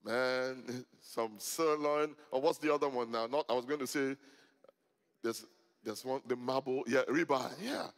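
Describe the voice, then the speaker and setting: Middle-aged guy preaching, jokey storytelling then loud emphatic bits, big church hall echo. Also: mid-range voice, steady tone, measured pace. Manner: storytelling, joking, rising to loud emphatic peaks. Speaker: pastor. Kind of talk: sermon. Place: church hall before a congregation. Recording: long hall reverb.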